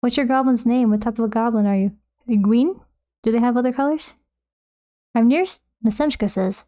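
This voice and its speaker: A woman's voice: on the high side, a little fast, mellow. A young woman streamer chatting casually while painting, playful and swearing freely.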